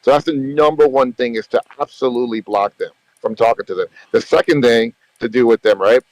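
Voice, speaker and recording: Brief: man, mid pitch, casual chat host, rambling and emphatic, swears a lot, dry close sound. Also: fairly quick, no echo, poor audio. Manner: emphatic, rambling, repeats himself, swears freely. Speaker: gaming channel host. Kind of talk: casual group voice chat about a mobile strategy game.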